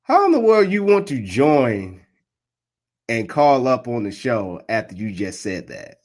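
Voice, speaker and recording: A man doing casual live play-by-play of a football game, trash-talking and laughing, swinging from muttered asides to loud outbursts. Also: medium pitch, very animated, a little slow. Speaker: live sports commentator and streamer.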